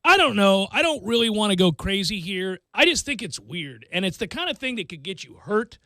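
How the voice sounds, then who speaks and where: High-voiced animated radio host man. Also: fairly quick, no echo. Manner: animated, acts out quotes in bursts. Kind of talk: casual talk radio banter. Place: radio studio.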